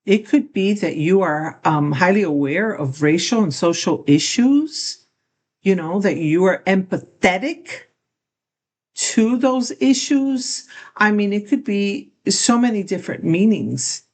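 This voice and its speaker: A woman's voice: medium pitch, lively intonation, unhurried, darkish tone. An older woman reacting to a clip, commenting in an indignant, critical way. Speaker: reaction video host. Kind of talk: casual commentary.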